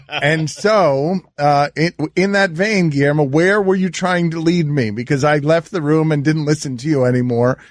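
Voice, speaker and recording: A man's voice: on the high side, a little slow, no room sound, clean studio sound. Teasing male sports radio host. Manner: teasing, incredulous.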